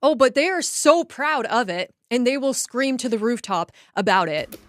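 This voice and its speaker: A woman's voice: fairly high pitch, animated, moderate pace, dry recording. A woman giving indignant, emphatic political reaction commentary.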